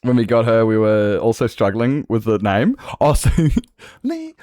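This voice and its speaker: A man's voice: lowish voice, huge pitch swings, unhurried, dark tone, no room sound, clean studio sound. A man chatting casually on a gaming livestream, swearing freely and laughing often. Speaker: streamer.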